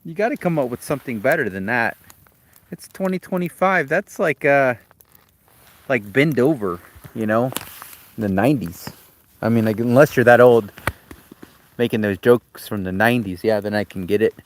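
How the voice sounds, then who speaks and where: An easygoing man chats with viewers from beside a campfire outside a remote cabin. He talks casually to his dog and answers comments as he goes, with an ordinary voice that is neither high nor low. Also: animated, normal speed, pauses often, slight background noise. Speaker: vlogger. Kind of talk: casual live-stream chat.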